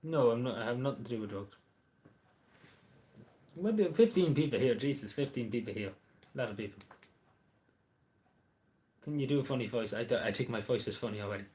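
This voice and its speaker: A man's voice: medium pitch, lively intonation, fairly quick, pauses often, warm tone. An Irish man chatting casually on a livestream, answering viewers' messages in a rambling, hesitant way with lots of ums and restarts.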